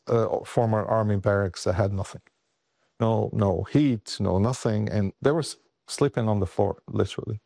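Earnest low-voiced male interview guest. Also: a little mellow, dry recording, studio quality. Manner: earnest, halting, with many restarts. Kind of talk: emotional interview storytelling.

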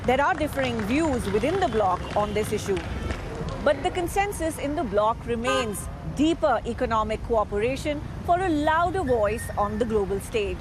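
A woman correspondent reading a scripted news report with crisp, emphatic delivery. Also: on the high side, lively intonation, normal speed, noisy background.

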